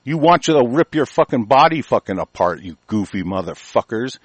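A man's voice: medium pitch, big pitch swings, fairly quick, no room sound. A man hosting a commentary show, delivering an angry, profane rant and stumbling over words as he reads a news article aloud. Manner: aggressive, cursing, stumbles while reading aloud.

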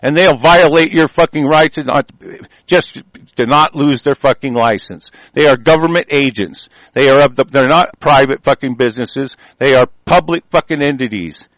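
A man delivering an angry, profane political rant, heated and forceful. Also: mid-range voice, normal speed, dry recording, poor audio. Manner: heated, profane, shouting tirade.

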